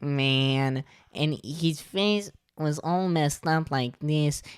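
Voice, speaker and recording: A man voicing a trailer-park redneck boy with a stuffy, nasal voice and a slow drawl. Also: fairly high pitch, smooth, dry recording, studio quality. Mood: excited. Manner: drawling, says man a lot.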